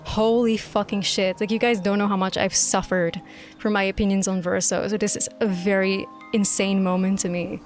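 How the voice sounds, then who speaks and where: A woman's voice: medium pitch, flat delivery, normal speed. A woman streamer reacting live to a game, ranting emphatically and swearing freely. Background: quiet game music.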